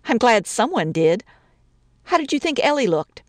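A woman's voice: fairly high pitch, big pitch swings, moderate pace, no echo. A woman reading a story, voicing a touchy young newlywed bride who rambles through wounded, sarcastic complaints. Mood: aggrieved.

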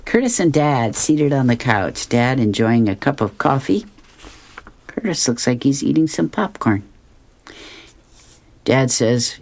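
A man's voice: medium pitch, lively intonation, unhurried, creaky, long pauses. A man reading comic strips aloud, describing each panel and chuckling often. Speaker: reader.

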